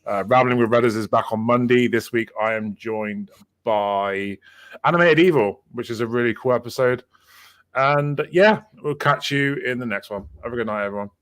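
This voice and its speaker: A man signs off a gaming podcast in a relaxed, cheeky way. His voice sits at an ordinary middle pitch, and he swears casually as he reads out viewer names. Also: moderate pace. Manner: loud, swearing, upbeat sign-off. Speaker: podcast host.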